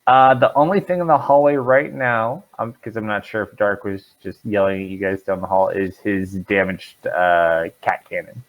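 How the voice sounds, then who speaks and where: A man's voice: lowish voice, normal speed, few pauses. A man as dungeon master, narrating a tabletop game and asking the players questions, thinking aloud with fillers. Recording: dull lo-fi stream audio.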